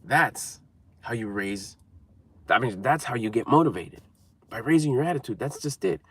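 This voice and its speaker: A man's voice: mid-range voice, expressive, normal speed, a bit bright, slightly rough, dry recording. Man, motivational vlog, emphatic and repetitive, coaching tone, dry sound. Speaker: motivational speaker. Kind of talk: motivational talk to camera.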